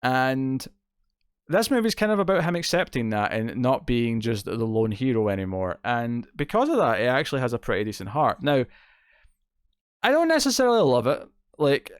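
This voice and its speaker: Guy chatting thru a movie review, lots of ums and restarts, smooth voice, dead dry room. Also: medium pitch, no room sound. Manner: rambling, with many fillers and restarts. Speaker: film reviewer. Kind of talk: casual spoken movie review.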